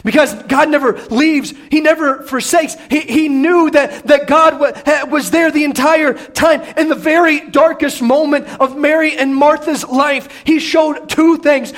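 A man with a very high-pitched voice preaches a sermon. He swings from loud, climbing urgency down to hushed, prayerful near-whispers, and he repeats words when he presses a point. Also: fairly even intonation, a little slow, few pauses. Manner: reads scripture in King James wording, repeats words when emphatic.

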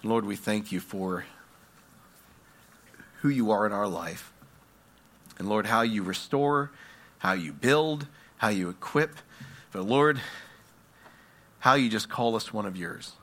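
A man preaching a sermon, telling stories dramatically and swinging from hushed tones to loud ones. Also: on the low side, animated, slow pace, pauses often.

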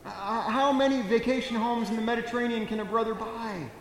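Wry, animated pastor in an echoey hall. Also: male voice, extremely high pitch, brisk. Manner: animated, wry storytelling with comic asides. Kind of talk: sermon. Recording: echoey church hall with faint noise.

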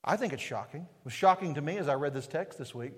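A man's fairly high, expressive voice moves fast, with a breathy edge and a big-room sound. He is a pastor from East Tennessee with a Southern Appalachian accent, giving a conversational sermon in a church sanctuary that's loaded with rhetorical questions and "right?"

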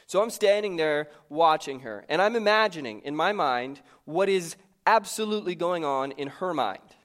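A man in his thirties, a pastor, telling a personal story in a sermon in a lively, conversational, self-mocking way. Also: a little high, normal speed, hardly any pauses.

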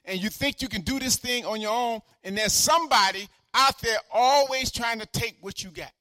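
A man in his sixties preaching a sermon with fervor, repeating phrases and swinging from shouts to quiet asides. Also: extremely high pitch, moderate pace, no room sound, clean studio sound. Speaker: pastor.

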